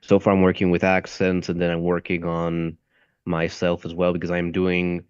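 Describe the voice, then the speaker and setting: A young man with a very low voice talks casually about his training, rambling and hunting for words as he goes. The sound is dull and lo-fi, with a dry, close feel. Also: completely flat delivery, moderate pace, smooth, no room sound. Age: young adult. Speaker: voice acting student. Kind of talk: casual chat. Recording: dull lo-fi audio.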